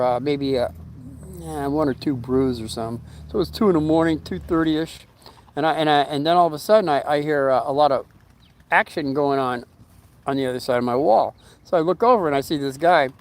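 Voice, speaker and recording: A man's voice: on the high side, slight background noise. A middle-aged man telling a long story in a casual vlog at his home, rambling with fillers and restarts, and briefly acting out the voices of the people in it. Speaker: storyteller vlogger.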